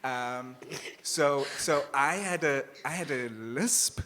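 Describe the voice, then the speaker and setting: Cape flats south african guy w/ a slight lisp, bright forceful voice, chatty and animated on a festival panel. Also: mid-range voice, takes it slowly. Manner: animated, laughs often, acts out voices. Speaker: author guest. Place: live event stage.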